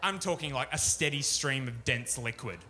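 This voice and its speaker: A man's voice: mid-range voice, normal speed, bright, forceful tone. A man doing a crude, ranting stand-up routine at a pub show, swearing freely. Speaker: stand-up comedian. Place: pub stage, live show.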